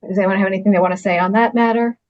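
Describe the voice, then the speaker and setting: A woman judge talks through a ruling in a firm, businesslike manner, pausing with fillers. Her pitch is middling. The audio is dull and lo-fi, like a video-call hearing. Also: steady tone. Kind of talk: court hearing.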